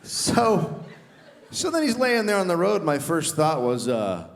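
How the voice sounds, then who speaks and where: A middle-aged man doing animated stand-up comedy, shouting his acted quotes. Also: fairly high pitch, a little slow, gravelly, slight background noise. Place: large theater stage. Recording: reverberant theater hall. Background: audience laughter.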